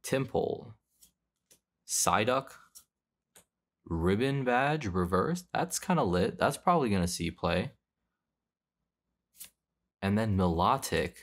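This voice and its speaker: Low-voiced young man, casual card chatter. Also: lively intonation, takes it slowly, pauses often. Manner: rambling, offhand, self-correcting. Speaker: card collector opening packs. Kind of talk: casual pack-opening commentary.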